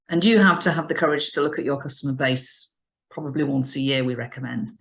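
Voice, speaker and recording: A woman business advisor explaining customer strategy in an animated, emphatic way, often restarting her phrases. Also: deep voice, gravelly. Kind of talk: business advice discussion.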